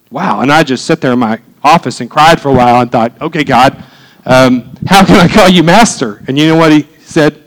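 A man's voice: fairly high pitch, expressive, normal speed, fairly bright tone, rough recording. A man preaching a conversational sermon as pastor, building to fervent emphasis.

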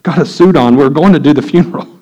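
A man's voice: a little high, fast, dark tone, highs cut off. A middle-aged man preaching a sermon, telling a candid personal story that builds to impassioned preaching. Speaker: pastor.

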